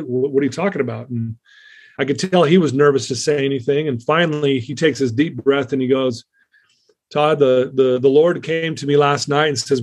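A man's voice: mid-range voice, a little mellow. Earnest man telling his recovery story. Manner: earnest, rambling, many fillers and restarts. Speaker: interview guest. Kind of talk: candid personal storytelling.

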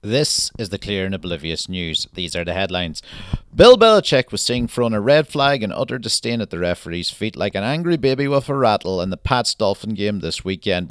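A man voicing a brash mock TV newsreader who reads the headlines in a loud, punchy way. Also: on the low side, no room sound, clean studio sound.

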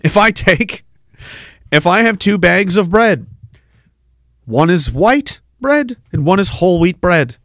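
A man's voice: high-pitched, expressive, takes it slowly, pauses often, a bit bright, dry recording, studio quality. A man hosting a solo podcast rant, sarcastic and profane, reading out viewer comments and mocking them. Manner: sarcastic, heavy swearing, mocking asides. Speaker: podcast host.

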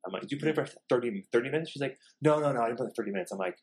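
Fast-talking profane man telling stories. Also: mid-range voice, a little hiss or hum. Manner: fast, profane, animated storytelling. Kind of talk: casual storytelling chat.

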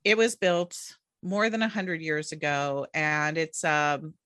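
A middle-aged woman, an author, telling a personal story in an interview with animated delivery and frequent laughter. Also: low voice, takes it slowly, dry recording, clean studio sound. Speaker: author and guest.

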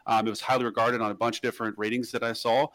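A man talking quickly on a podcast, his words tumbling out in a rapid, loose ramble full of restarts. The sound is close and dry, with no room echo at all. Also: medium pitch, flat delivery, a bit bright. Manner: rambling, with many restarts and fillers. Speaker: podcast host. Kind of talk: casual podcast chat.

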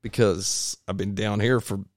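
A man, a triathlete guest, telling his stories in a rambling, animated way in a home garage. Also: fairly low pitch, unhurried, dry recording, clean studio sound. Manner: rambling, animated storytelling with restarts. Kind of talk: casual storytelling interview.

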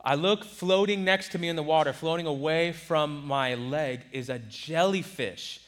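A man in his twenties from Southern California, telling a personal story in a sermon with lively delivery and acted-out quotes. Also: fairly high pitch, moderate pace. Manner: animated, acts out quoted voices. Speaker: preacher.

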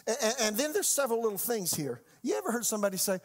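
Male pastor, high tenor, conversational sermon with big dynamic swings. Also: big pitch swings, very fast. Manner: conversational preaching with sharp swings in pitch and loudness, rhetorical questions.

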